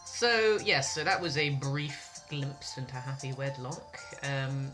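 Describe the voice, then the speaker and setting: Low-voiced sarcastic woman gamer. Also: steady tone, slow pace. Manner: sarcastic, swears freely. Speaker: gaming video host. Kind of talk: casual let's-play commentary. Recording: loud game music behind.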